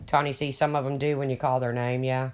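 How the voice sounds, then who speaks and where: A man's voice: mid-range voice, flat delivery, a little fast, clean tone. An older man rambling casually to viewers on his livestream, folksy and swearing freely as he reads their comments. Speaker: livestream host.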